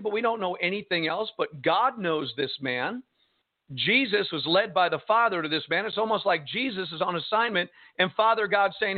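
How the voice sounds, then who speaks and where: High-voiced preacher on a phone line. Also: male voice. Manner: emphatic, drawn-out preaching with rhetorical questions. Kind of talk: radio sermon. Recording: tinny phone-line broadcast.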